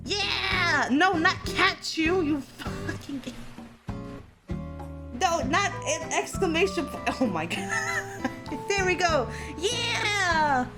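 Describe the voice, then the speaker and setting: Woman streamer, high voice, excitable, squealing, swears casually, slow drawn-out talk. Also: loud music behind the voice. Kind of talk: casual live-stream chat.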